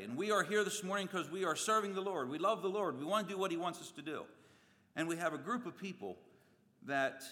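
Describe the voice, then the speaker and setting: A man preaching a sermon in a church, animated, acting out voices and swinging his pitch and loudness widely. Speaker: pastor. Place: church sanctuary. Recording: long reverb of a church hall.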